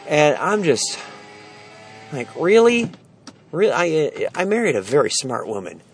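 Walking through an indoor storage warehouse with his phone, a middle-aged vlogger recounts a mix-up at home, exasperated, wry and self-deprecating, stressed and tired. His mid-range voice swings widely in pitch, he's unhurried, and faint music plays behind him in this casual storytelling vlog.

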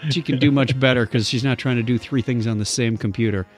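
A man's voice: mid-range voice, fairly even intonation, quick pace, faint music behind. A man hosting a podcast in casual banter, chatty and jokey, with plenty of asides. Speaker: podcast host.

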